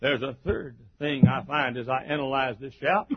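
A man preaching a sermon, telling stories, breaking into shouted exclamations and chuckles. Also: mid-range voice, lively intonation, moderate pace, husky. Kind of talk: sermon with storytelling. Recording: dull lo-fi recording.

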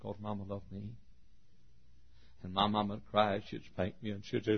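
Man, older, preacher, folksy, husky, dull old recording. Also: fairly low pitch, monotone, moderate pace. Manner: folksy, laughing, shouting for emphasis. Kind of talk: sermon. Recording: muffled old sermon tape.

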